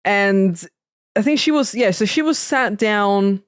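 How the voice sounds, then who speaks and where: A woman's voice: medium pitch, measured pace, smooth, no room sound, clean studio sound. A woman co-hosting a podcast, chatting casually about a film, laughing often and leaning on "like" fillers. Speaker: podcast co-host. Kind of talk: casual chat recapping a film.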